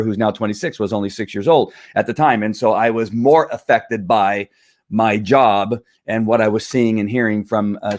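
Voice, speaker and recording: A middle-aged man hosting his own show, talking in a rambling, halting way with many fillers and an earnest, emphatic tone. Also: fairly low pitch. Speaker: show host. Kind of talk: casual live-stream monologue.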